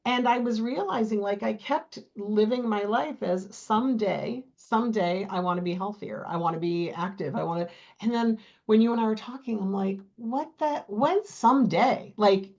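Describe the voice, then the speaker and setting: A middle-aged woman talking casually as a guest in an interview, animated and chatty, often acting out her own thoughts. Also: mid-range voice, moderate pace, creaky, dull audio. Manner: animated storyteller, quotes her own thoughts, laughs easily. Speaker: program client, guest.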